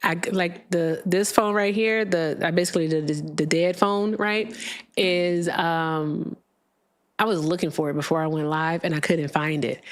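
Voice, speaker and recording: A woman hosts a live call-in stream, chatting casually in a sarcastic, talkative way full of fillers. Her voice is fairly low-pitched and her speed is normal.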